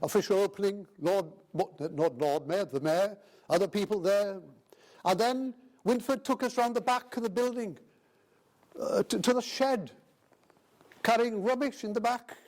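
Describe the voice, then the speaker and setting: An older man with a Welsh accent speaks to a festival audience in a fairly high voice. He tells stories in a halting, rambling way, full of fillers and asides to the chairman. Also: a little mellow. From Wales. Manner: anecdotal, hesitant with many fillers, addresses the chairman. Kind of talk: after-dinner speech. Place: festival hall.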